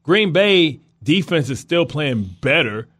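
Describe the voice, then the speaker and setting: A man's voice: on the high side, very animated, takes it slowly, a bit bright. A man co-hosting sports radio talk, argumentative and casual, acting out what others might say. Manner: argumentative, acts out quotes in voices.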